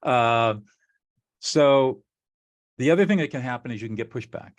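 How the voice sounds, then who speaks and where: Speaking at normal speed in a medium-pitched voice, this male co-host teaches relationship skills. His explanation of a technique is earnest and step by step, and he performs example dialogue along the way.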